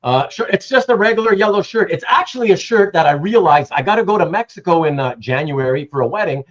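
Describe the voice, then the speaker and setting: A man's voice: high-pitched, expressive, fast, lo-fi sound. A man hosting a casual livestream, rambling and greeting chat viewers by name, with some casual swearing. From Canada. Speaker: livestream host.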